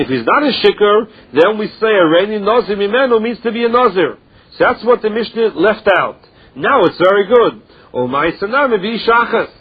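Here a man with a high, husky voice teaches Talmud, chanting the text as in study and explaining it in English. He mixes Aramaic and Hebrew terms into his chanting explanations, and the recording is dull and lo-fi.

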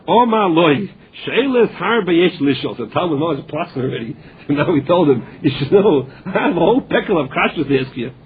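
A man with a high, very husky voice leads a Talmud lesson, telling stories and slipping between Aramaic and English. The sound is thin and tinny, like a phone line. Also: expressive, brisk. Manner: storytelling, mixing Aramaic phrases with English. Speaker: Talmud teacher. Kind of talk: Talmud lesson, translating and retelling.

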